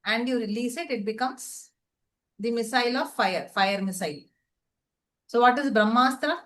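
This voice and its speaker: A woman teacher lectures to a class, her voice set slightly high. She explains patiently, poses questions to the room and then answers them herself. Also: a bit bright, rough recording. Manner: asks and answers her own questions, checks in with students.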